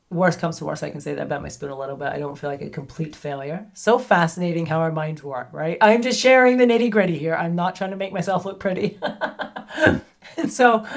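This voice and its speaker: A woman hosting a podcast, telling a personal story in a candid, chatty way with plenty of asides. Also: fairly low pitch. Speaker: podcast host.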